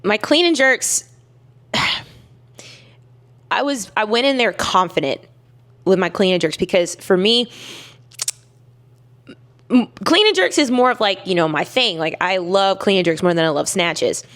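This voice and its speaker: A woman's voice: mid-range voice, lively intonation, measured pace, long pauses, fairly bright tone. A young woman telling a personal story to camera in a candid, emphatic way, with many fillers and restarts. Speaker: weightlifter vlogger.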